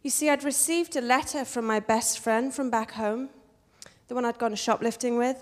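A young English woman from England, telling a story on stage with a wry, animated, punchy delivery. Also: fairly high pitch, normal speed. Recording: reverberant hall.

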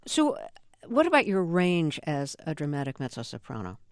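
A woman hosts the interview with curiosity and self-deprecating humor, laughing easily. Her voice is smooth and slightly low. The studio sound is dry and close. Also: huge pitch swings, moderate pace, dry recording. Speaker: radio interview host. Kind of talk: interview conversation.

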